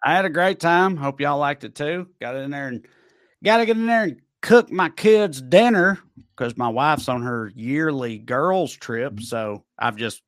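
A man's voice: fairly high pitch, animated, no echo. Man, 30s-40s, podcast co-host, loose joking chat, dry close sound. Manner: loose and joking, with quick bursts of rambling. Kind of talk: casual comedy podcast chat.

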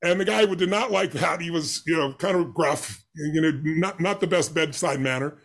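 A man's voice: a little high, moderate pace, fairly bright tone. A man who is an interview guest, telling a personal story with animation and acting out the dialogue with emphatic voices.

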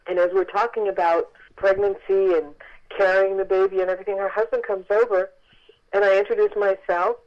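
A woman author telling a story in a phone interview, lively and acting out the voices of the people she quotes. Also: medium pitch, dull audio.

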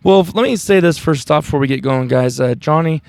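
Man, podcast host, gravelly voice, dry close sound, rambling casual chat. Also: a little high, fairly quick, no room sound. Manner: rambling, relaxed, with many fillers. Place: camping outdoors in the mountains.

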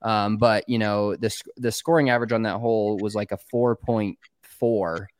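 A man with a lowish voice talks through golf details in a rambling way, pausing on ums and uhs. The sound is dry and close. It is relaxed podcast chat. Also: no echo. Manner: rambling, hesitant, lots of ums. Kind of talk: casual chat.

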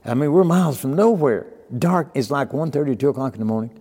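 An older man chats in a relaxed, folksy way, acting out the people in his stories. His voice is dark and mellow. The room rings with a long echo. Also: mid-range voice, quick pace, slightly rough. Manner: folksy storyteller, acts out quoted dialogue. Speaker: podcast guest. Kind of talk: casual storytelling.

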